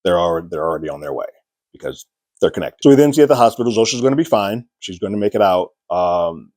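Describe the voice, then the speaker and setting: A man's voice: low-pitched, lively intonation, quick pace, darkish tone, no room sound. A man giving a casual spoiler review of a TV episode, retelling scenes and acting out characters' lines with raised voices.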